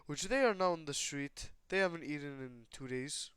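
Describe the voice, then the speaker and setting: A man's voice: a little high, lively intonation, normal speed, a bit bright, clear, resonant tone, no echo. Rambling teenage boy retelling a fan story. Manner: rambling, many fillers like "basically" and "like". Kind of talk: casual fan-fiction retelling.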